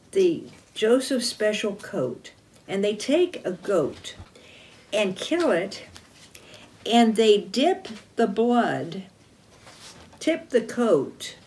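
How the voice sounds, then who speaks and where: A woman leads a children's chapel lesson and acts out a Bible story with a map and figures. She speaks slowly and expressively and corrects herself now and then. A faint hiss sits behind her. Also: medium pitch. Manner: deliberate, expressive, self-correcting. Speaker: chapel teacher.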